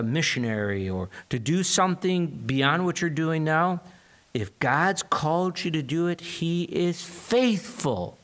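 Male pastor, slightly higher voice, earnest conversational preaching with scripture reading. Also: a bit bright. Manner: retells scripture with acted-out quotes, earnest and conversational. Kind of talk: sermon with Bible reading.

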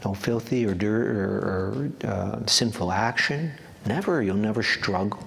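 A man's voice: on the low side, unhurried, creaky, a bit bright. A man preaching a sermon in an earnest way, often repeating words for emphasis. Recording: long hall reverb, faint background noise.

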